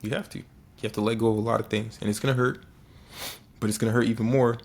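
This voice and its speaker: A man's voice: lowish voice, steady tone, fast, creaky. A young man giving an earnest, casual motivational talk, often restarting and repeating phrases for emphasis. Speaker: motivational speaker.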